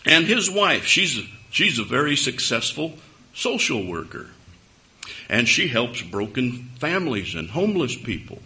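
Lively, bright-voiced man preaching. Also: mid-range voice, unhurried. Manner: conversational storytelling with wry humor; speaks straight to a live congregation. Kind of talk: sermon.

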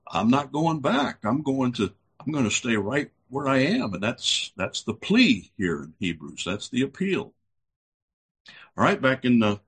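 A man's voice: medium pitch, fairly bright tone, breathy edge. A man preaching a conversational sermon, folksy and blunt, with chuckling asides.

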